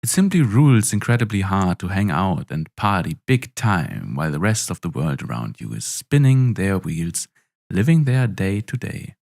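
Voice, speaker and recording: A man narrating a story with a wry, expressive delivery. His low voice carries a gravelly fry and swings widely in pitch. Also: moderate pace.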